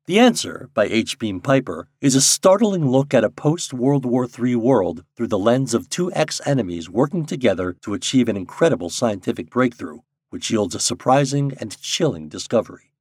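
A man hosting and narrating an audio magazine of fiction in a measured, deliberate reading. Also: mid-range voice, expressive, a little mellow, slightly rough, no echo, clean studio sound. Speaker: host and narrator.

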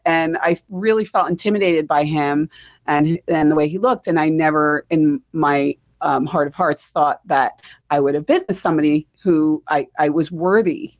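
A middle-aged woman with a New Jersey accent hosts a podcast, telling stories in a chatty, rambling way. Her voice sits a little low, and she laughs easily between thoughts. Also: normal speed. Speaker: podcast host. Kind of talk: casual chat.

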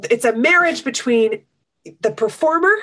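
A woman's voice: fairly high pitch, lively intonation, moderate pace, bright, forceful tone. A woman podcast host asking questions in an enthusiastic, effusive way. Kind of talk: podcast interview.

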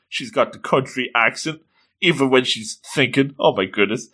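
Excitable guy reading a comic and riffing on it, bright forward voice, lots of exclaiming. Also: mid-range voice, normal speed, husky. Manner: animated, exclaiming, joking. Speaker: comic reader and commentator.

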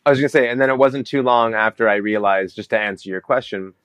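A man from Vancouver, Canada, a guest telling a story in a casual interview, animated and acting out quotes with jumps in pitch. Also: fast talker, clean tone, no echo. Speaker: guest, business coach.

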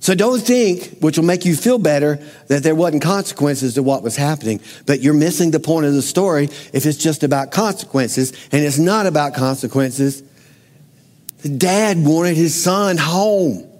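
A man's voice: fairly high pitch, normal speed, darkish tone, in a large hall. A man preaching a sermon to a congregation in a conversational way, asking them direct questions. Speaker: pastor.

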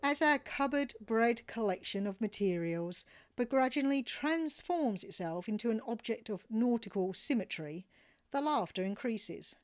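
A woman's voice: fairly high pitch, animated, measured pace. Australian woman reading a story. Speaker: podcast host.

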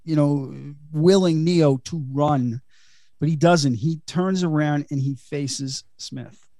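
A man's voice: on the high side, darkish tone, no echo, clean studio sound. A man hosting a podcast, giving a casual, chatty film recap full of fillers and laughs. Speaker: podcast host.

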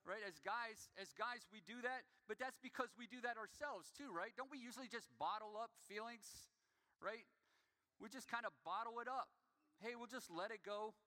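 A man's voice: very high voice, moderate pace, pushed and bright. A man preaching a sermon in a loose, conversational way, poking fun at himself and checking in with the congregation. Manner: conversational, self-deprecating, keeps asking "right?". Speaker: pastor. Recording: long hall reverb.

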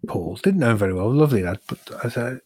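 A man's voice: mid-range voice, expressive, quick pace, a little mellow, breathy edge. A man telling a rambling, self-mocking story in casual chat with friends.

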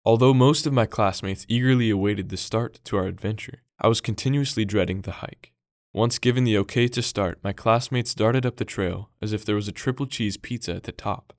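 A young man reading a scripted devotional in a calm, earnest way. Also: lowish voice, a little fast, no room sound, clean studio sound. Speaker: devotional reader.

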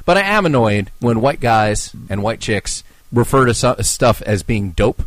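A man from New Jersey co-hosting a casual podcast chat, joking and bantering, quick to curse. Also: medium pitch, expressive, no echo. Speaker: podcast co-host.

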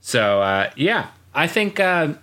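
A man's voice: a little high, very animated, slow, bright, forceful tone. A man co-hosting a podcast in casual chat, rambling and laughing at his own jokes. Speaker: podcast co-host.

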